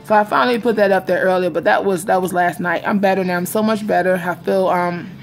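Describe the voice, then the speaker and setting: Rambling, confiding woman with gravelly voice. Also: on the low side, fairly even intonation, fast talker, soft background music. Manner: rambling and confiding, repeats herself, addresses viewers as y'all. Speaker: vlogger. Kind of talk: casual vlog chat to viewers. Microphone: phone or webcam in front of her.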